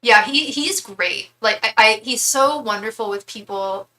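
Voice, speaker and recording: A woman's voice: on the high side, a little slow, bright, forceful tone, low-quality recording. A young woman hosting a casual live stream from home, chatty and rambling, full of "like.". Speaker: tarot reader and live-stream host.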